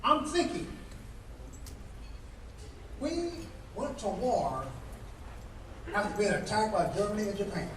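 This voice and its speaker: A guest speaker at a political dinner, his voice unusually high and very animated, gives a fiery speech at a slow pace with frequent pauses. He hammers points home with repeated rhetorical questions in a preacher-like cadence. Distant from the mic, he echoes around a banquet hall over faint background noise.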